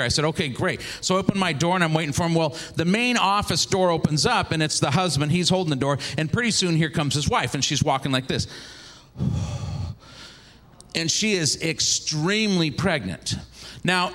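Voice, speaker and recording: A preacher in his forties from the Seattle area, telling a story to his congregation. His voice sits a little high for a man, and he acts out each person in the tale with lively changes of voice. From Seattle, Washington area. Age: 40s. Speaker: traveling minister, former pastor. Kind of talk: storytelling sermon.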